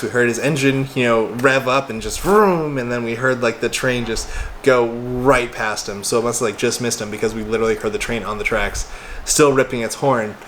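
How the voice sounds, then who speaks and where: Young guy talking casually, swears a bit, acts out the dialogue, mid pitch, faint hiss behind. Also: a bit bright. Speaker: former crisis helpline worker. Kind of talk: casual storytelling monologue.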